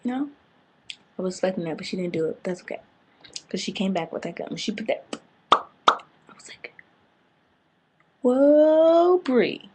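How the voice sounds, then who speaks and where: A woman excitedly recapping a TV episode in casual slang, breaking into loud outbursts. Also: lowish voice, fast, pauses often, noisy background. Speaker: TV fan reviewer.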